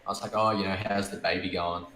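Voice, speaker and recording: A man's voice: sits low, flat delivery, quick pace, sharp tone. A man, co-hosting a podcast and telling a rambling, self-deprecating story in casual chat. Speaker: podcast co-host. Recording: roomy mic with faint background noise.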